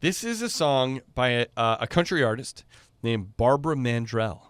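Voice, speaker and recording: A man's voice: medium pitch, animated, moderate pace, fairly bright tone, clear, resonant tone, no echo. A man in his forties co-hosts a casual podcast chat, bubbling with enthusiasm as he talks up favorite songs. His voice sits in an ordinary middle register, recorded close and dry with no room sound. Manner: enthusiastic, gushing, chatty. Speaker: podcast co-host.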